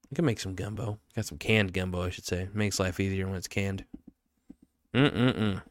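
A man with a low voice rambles offhandedly through a solo vlog monologue. His talk drifts from thought to thought without much shape. The sound is dry and close, with no room around it. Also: no room sound. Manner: aimless, offhand musing.

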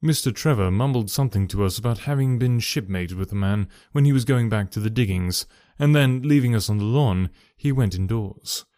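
A man reading a story aloud in a measured, even narration. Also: on the low side, no room sound, clean studio sound. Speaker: audiobook narrator.

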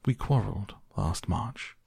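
A man's voice: lowish voice, a little slow, gravelly, a little mellow, husky, no room sound, studio quality, voice pushed up, heavily acted. A man doing a mournful, quarrelsome hatter. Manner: mournful, argumentative.

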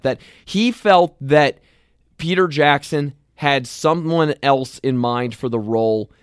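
A man's voice: mid-range voice, slow pace, clear, resonant tone, no echo, clean studio sound. A man co-hosting a casual movie chat, telling stories and asking questions with energy. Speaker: podcast co-host.

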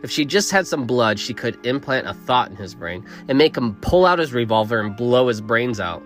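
A man narrating a dark fantasy story in a steady, measured reading. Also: medium pitch, faint music behind.

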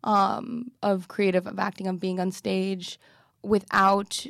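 A woman's voice: mid-range voice, flat delivery, takes it slowly, creaky, a bit bright, no room sound, clean studio sound. A woman comedian and actress as a podcast guest, chatting animatedly and swearing freely, with many "like" fillers. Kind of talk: casual chat.

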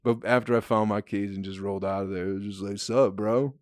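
A man's voice: lowish voice, level tone, fast, a little mellow, clean tone, no echo. Young man, casual storytelling, laid-back, swears a lot, dry close sound.

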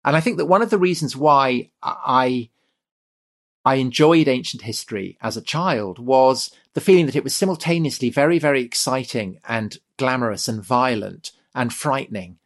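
A man's voice: mid-range voice, normal speed. A man hosting a history podcast, talking enthusiastically with many ums and restarts. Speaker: podcast host. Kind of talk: casual podcast conversation.

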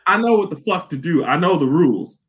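A man co-hosting a podcast, bantering casually with animated, profane energy and frequent laughter. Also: on the high side, brisk. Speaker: podcast co-host.

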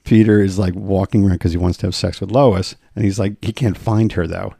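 A man co-hosting a casual podcast chat, relaxed, laughing often and giving short encouraging replies. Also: deep voice, a little fast, creaky, slightly rough, no room sound, studio quality. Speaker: podcast co-host.

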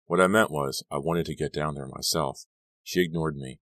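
A man with an exceptionally deep voice reads a horror audiobook in a measured, suspenseful manner. The sound is dry and close, with no room in it. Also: a bit bright, no echo. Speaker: audiobook narrator. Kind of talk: dramatic audiobook reading.

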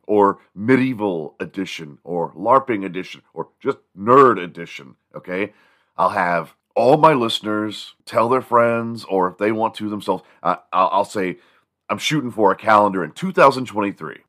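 A man's voice: on the low side, a bit bright. A man hosting his own show in a casual solo monologue, rambling and joking crudely at his own expense. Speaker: podcast host.

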